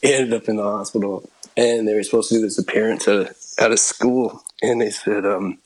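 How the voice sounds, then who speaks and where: A man's voice: fairly low pitch, steady tone, a little fast, rough recording. A middle-aged actor telling a long anecdote in a casual interview, laughing and restarting as he goes. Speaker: actor and guest.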